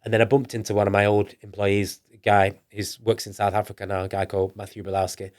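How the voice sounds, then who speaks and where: Speaking fast in a fairly low voice, a northern English entrepreneur rambles through his business story during a relaxed podcast interview. He stumbles into restarts, repeats himself, and acts out the dialogue between himself and others.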